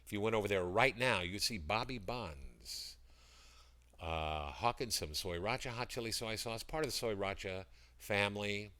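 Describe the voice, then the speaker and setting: A man hosts a loose livestream from his computer mic, chatting and pitching his products between greetings to viewers. His voice is deep yet bright and clear, with a rambling, friendly flow. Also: moderate pace. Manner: rambling, greets chat viewers by name, breaks into sung jingles. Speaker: livestream seller. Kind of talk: casual livestream chat.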